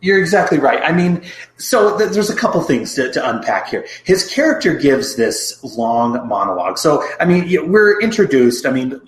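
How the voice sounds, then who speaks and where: A man's voice: fairly high pitch, sing-song, normal speed, roomy sound, low-quality recording. A man co-hosting a podcast, recapping a film plot in casual chat with lots of asides. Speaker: podcast co-host.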